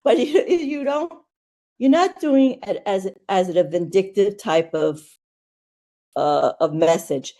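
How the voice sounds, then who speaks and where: Speaking slowly in a mid-range, dark voice, a woman from the United States tells candid stories as a guest on a podcast. She is a nurse, and her talk is blunt and rambling, full of fillers.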